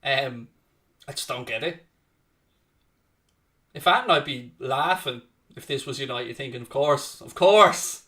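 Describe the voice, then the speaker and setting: A man's voice: medium pitch, measured pace, long pauses, pushed and bright, distant mic. A man hosting a live football watchalong, swearing, cheering his team on and winding up rival fans. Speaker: host of a football fan watchalong. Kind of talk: live reactive match commentary, casual banter.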